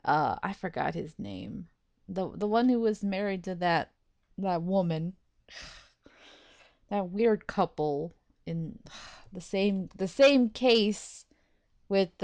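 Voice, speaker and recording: A woman's voice: fairly low pitch, vocal fry, no echo. A woman doing casual let's play commentary, rambling and chatty, laughing at herself as she talks.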